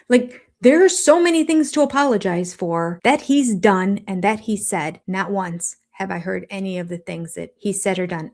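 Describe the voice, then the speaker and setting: Brief: older woman, exasperated reality-TV commentator, blunt and sarcastic, mid-pitched. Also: animated, moderate pace, gravelly, few pauses, a little mellow. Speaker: show commentator.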